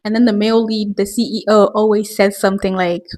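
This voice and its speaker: A woman's voice: medium pitch, level tone, fairly quick, a little mellow. Chatty woman vlogging casually. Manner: chatty, laughs often, many filler words. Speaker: video host. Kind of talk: casual commentary vlog.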